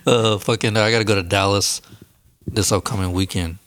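A man's voice: lowish voice, steady tone, moderate pace, a bit bright, dry recording, clean studio sound. A man from Texas, co-hosting a casual podcast and telling stories, swearing a lot. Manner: profane, laid-back storyteller. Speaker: podcast co-host. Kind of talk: casual chat.

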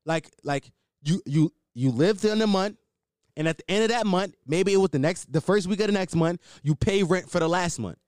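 A man's voice: high voice, normal speed, darkish tone, no room sound, clean studio sound. A man, podcast host telling a story in a casual, heated way, swearing and repeating himself for emphasis.

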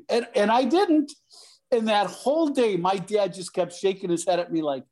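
Speaking at a moderate pace in a voice that sits high, a middle-aged man who once played pro baseball shares casual stories as a guest. He delivers them with animation, doing the voices of the people involved.

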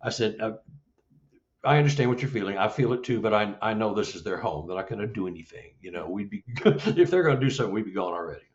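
A middle-aged man telling a story as an interview guest, acting out the dialogue with lively jumps in his voice. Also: fast talker. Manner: animated, acts out dialogue with rising pitch. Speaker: Sasquatch investigator, guest. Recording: dull lo-fi audio.

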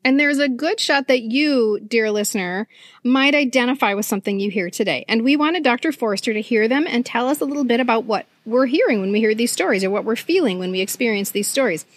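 A woman in her fifties hosting a podcast, animated and quick to exclaim. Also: fairly high pitch, dry recording, studio quality. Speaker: podcast host. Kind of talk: casual podcast chat.

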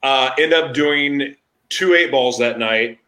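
Animated storytelling man, echoey room. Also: mid-range voice, slow pace. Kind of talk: casual chat.

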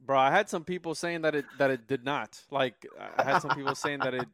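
A man's voice: mid-range voice, brisk, a bit bright, no echo, clean studio sound. A man guest on a casual podcast, enthusiastic and rambling, peppering his talk with "bro".

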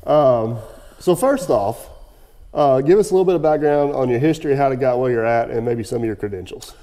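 Podcast host guy, sarcastic, laughs a lot, mellow dark voice, kinda echoey room. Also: mid-range voice, brisk. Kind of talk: casual chat.

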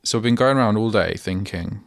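This young solo radio host has a lowish, creaky voice and talks fairly quickly, rambling and chatting while cutting himself off mid-sentence. He's in a radio studio, and the sound is clean with no room sound.

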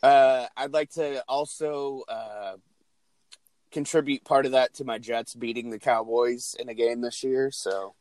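Male podcast co-host, relaxed and brief, dry close recording. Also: medium pitch, a little slow, no room sound. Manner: easygoing, short remarks, swears. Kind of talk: casual chat.

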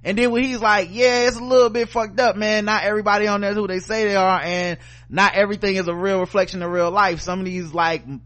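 Fast and high-pitched, with a steady tone and a slightly bright quality, a man with a Southern US accent co-hosts a podcast. He delivers a profane, sarcastic, heated rant, often swearing while reading out news.

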